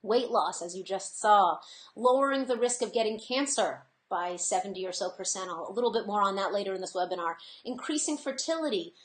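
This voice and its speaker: A woman's voice: mid-range voice, lively intonation, fairly quick. A woman in her thirties hosting a webinar, talking in a chatty, earnest way with frequent fillers and laughs. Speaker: webinar host. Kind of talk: casual presentation. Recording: echoey room.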